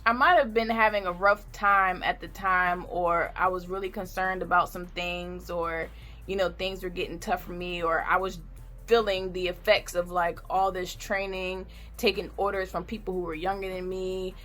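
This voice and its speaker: A woman's voice: lowish voice, fairly even intonation, normal speed, pushed and bright, faint music behind. A woman vlogger in her thirties telling a candid, heartfelt personal story, tearful at times. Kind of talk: emotional personal story time.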